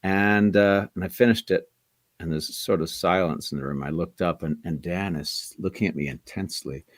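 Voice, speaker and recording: Guest voice actor, middle-aged man, very low voice, rambly anecdotes, dry close sound. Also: moderate pace, dry recording. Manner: rambling, many restarts and asides. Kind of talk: casual interview storytelling.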